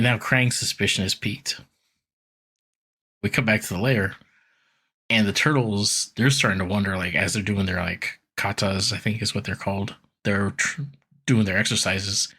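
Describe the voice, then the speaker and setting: Low husky man recapping a cartoon. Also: fairly even intonation, moderate pace, pushed and bright. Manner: rambling, filler-heavy, acts out quotes. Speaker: podcast co-host recapping an episode. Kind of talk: casual chat, animated retelling.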